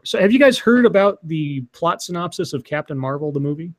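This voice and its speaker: A man's voice: a little high, sing-song, a little fast. A man co-hosting a casual live stream, chatty and explaining topics at length. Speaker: stream co-host.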